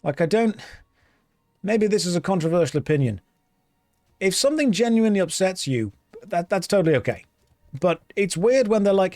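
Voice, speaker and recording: A man's voice: high voice, expressive, normal speed, pauses often, darkish tone, no room sound, clean studio sound, faint music behind. An English man streaming an online game, chatting casually in a rambling, joking way while he plays. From England. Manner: rambling, joking, thinking aloud. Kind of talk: casual gameplay chat.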